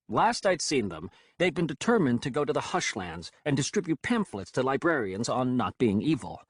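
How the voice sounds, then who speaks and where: A man narrating an audiobook in an expressive, wry storytelling manner. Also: mid-range voice, normal speed, hardly any pauses, breathy edge, no room sound, studio quality. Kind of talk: scripted narration.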